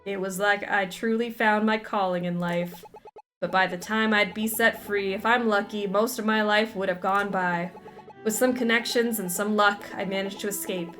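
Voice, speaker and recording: A woman's voice: mid-range voice, fairly even intonation, normal speed, fairly bright tone, soft background music, natural voice. A woman reading the lines of a folksy male barber who is secretly an escaped convict, using drawling, homespun turns of phrase as game dialogue. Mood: recounting.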